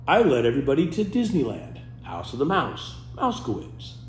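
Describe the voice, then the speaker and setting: A man doing a playful comic monologue as a host, silly and animated. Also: medium pitch, moderate pace, hardly any pauses, reverberant, slight background noise. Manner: animated, silly, keeps breaking into goofy voices. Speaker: comedy host.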